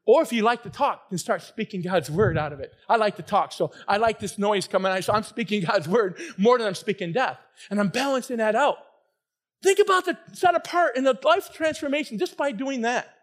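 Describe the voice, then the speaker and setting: A man preaching a fervent sermon, his delivery swinging from quiet, earnest passages to loud, near-shouting bursts. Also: high-pitched. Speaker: pastor.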